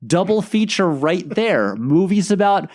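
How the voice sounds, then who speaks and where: A man chatting casually as a podcast guest over a video call, telling stories in an animated way. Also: high voice, unhurried. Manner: animated, lively storytelling. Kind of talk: casual chat.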